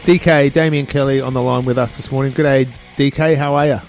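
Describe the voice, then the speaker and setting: A man's voice: mid-range voice, steady tone, fairly quick, darkish tone, faint music behind. A middle-aged man with an Australian accent hosting casual radio chat in a laid-back, chuckling way. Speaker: radio host. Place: radio studio.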